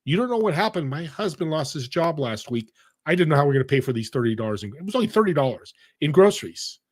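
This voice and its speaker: A woman's voice: sits low, very animated, fast talker, darkish tone. A man voicing a grateful young mother who is tearful and relieved.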